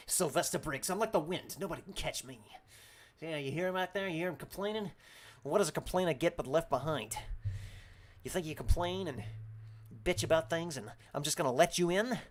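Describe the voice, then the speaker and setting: A man voicing a boastful, swaggering tough-guy driver in a comedic game role-play, rambling and profane. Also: a little high. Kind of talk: comedic role-play commentary over gameplay.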